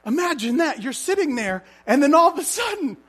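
A man's voice: extremely high pitch, big pitch swings, fairly quick, a bit bright. A man preaching a sermon as a pastor, telling stories vividly and asking the congregation rhetorical questions.

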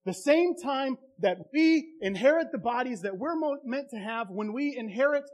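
High-voiced man preaching with passion. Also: expressive, moderate pace. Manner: impassioned, conversational preaching. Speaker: pastor. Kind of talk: sermon.

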